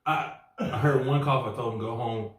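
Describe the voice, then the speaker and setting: A man co-hosting a podcast in casual chat, telling animated stories and calling everyone "bro". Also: mid-range voice, moderate pace. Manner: animated storyteller, says "bro" constantly. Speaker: podcast co-host. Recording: roomy echo, mic at a distance.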